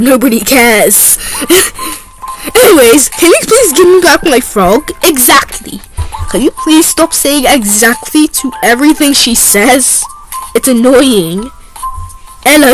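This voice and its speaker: A woman's voice: high-pitched, poor audio. A woman improvising a giggly, playful toy role-play, voicing many characters herself and often breaking into laughter.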